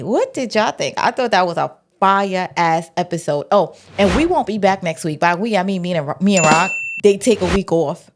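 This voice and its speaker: A woman, giving a casual, animated recap of a TV episode and acting out the characters' lines. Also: fairly low pitch. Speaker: TV recap vlogger.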